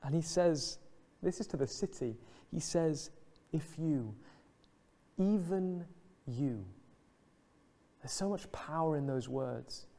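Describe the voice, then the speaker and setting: A male pastor preaching earnestly, his voice pitched a little high yet mellow and warm in tone. He slows and softens on the tender moments, reflective rather than showy. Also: gravelly. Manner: earnest, reflective, dips soft and slow on emotional lines. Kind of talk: sermon. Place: church.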